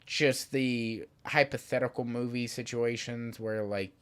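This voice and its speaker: A young man with an ordinary mid-range voice, a guest on a podcast. He tells stories in a relaxed, casual way and swears offhandedly. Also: mid-range voice, measured pace, smooth. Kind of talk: casual chat.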